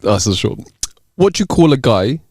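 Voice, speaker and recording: Male podcast co-host, wildly animated pitch, rambling joke delivery, dry close sound. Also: moderate pace, creaky, slightly rough, dry recording. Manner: very animated, rambling, laughs at own jokes. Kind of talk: casual joke-telling chat.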